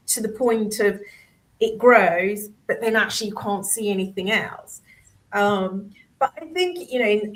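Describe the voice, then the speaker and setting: Slow, thoughtful woman host. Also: mid-range voice, a bit bright, low-quality recording. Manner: thoughtful, searching for words. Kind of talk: reflective conversation.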